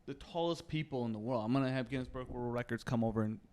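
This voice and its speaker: A young man with a mid-pitched voice, telling an old bar joke at an easy pace on a podcast. He chuckles often between lines. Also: fast talker, a little mellow. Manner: laid-back storyteller, chuckles often. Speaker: podcast co-host.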